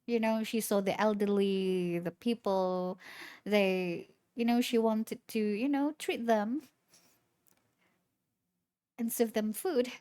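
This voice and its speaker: Slow-talking young woman streamer. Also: medium pitch, fairly even intonation, mellow, clear, resonant tone. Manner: halting, rambling retelling with many restarts. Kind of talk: casual chat to stream viewers.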